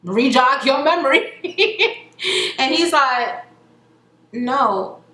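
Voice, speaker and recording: A young adult woman casually recapping a reality show, chatty and animated, acting out the quotes with laughter. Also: high voice, very slow. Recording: echoey room with faint noise.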